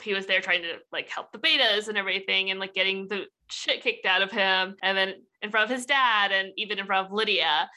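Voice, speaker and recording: A woman's voice: medium pitch, fairly quick, few pauses, bright, forceful tone, low-quality recording. A woman talking casually as a podcast co-host, rambling with lots of "like" fillers. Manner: rambling, heavy use of "like". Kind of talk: casual chat.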